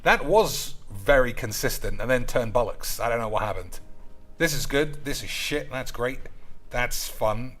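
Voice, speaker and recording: Young man, bright edgy voice, brash and sweary, casual gaming stream banter. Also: mid-range voice, animated, a little slow. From United States. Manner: brash, sweary, addresses viewers as boys.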